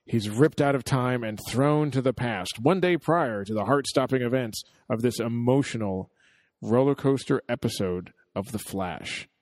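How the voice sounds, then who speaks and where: A man co-hosting a podcast in casual chat, jokey and animated, telling stories with chuckles. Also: mid-range voice, moderate pace, no echo, studio quality. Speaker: podcast co-host.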